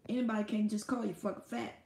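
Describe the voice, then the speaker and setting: A woman hosts her own live stream in a loose, casual monologue, blunt and quick to swear. Her voice is low-toned and mellow with a gravelly fry running through it. The room around her adds a noticeable echo. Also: steady tone. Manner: blunt and profane.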